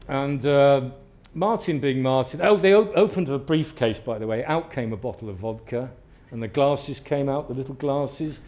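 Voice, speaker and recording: A man, an author, telling anecdotes to a live audience in a lively storytelling manner and acting out what people said. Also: mid-range voice. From Britain. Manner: lively storyteller, acts out quotes. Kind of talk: anecdotal talk.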